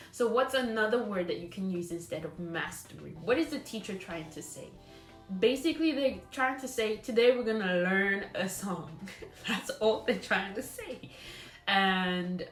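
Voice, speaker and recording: A woman's voice: mid-range voice, echoey room. A woman teacher trainer giving a recorded lecture, explaining patiently and thinking aloud with fillers and restarts. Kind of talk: recorded lecture on lesson scripts.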